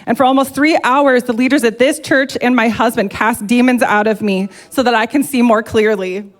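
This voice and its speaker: A woman's voice: on the high side, fairly even intonation, moderate pace. A woman giving a heartfelt, emotional personal testimony to a church congregation, speaking openly and earnestly.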